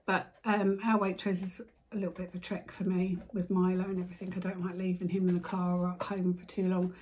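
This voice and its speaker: A middle-aged woman chatting casually at home as a crafting vlogger, gushing over her finds and breaking off to hush her dog. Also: fairly low pitch, flat delivery, fast talker. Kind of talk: casual chat. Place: at home in a living room. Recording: noisy home recording with dog sounds. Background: a dog barking and moving about.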